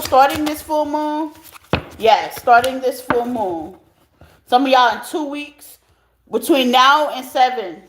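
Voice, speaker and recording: High-voiced woman giving a tarot reading. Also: a little hiss or hum. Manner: chatty, talks straight to viewers as y'all. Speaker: tarot reader. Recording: echoey room.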